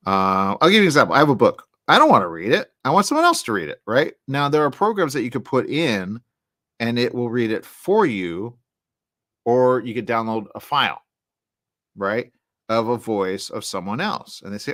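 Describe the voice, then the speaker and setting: A man hosting a radio talk show alone, rambling in a loose, animated way, jumping into quoted voices and trailing off into mumbles. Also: medium pitch, moderate pace, no echo, clean studio sound.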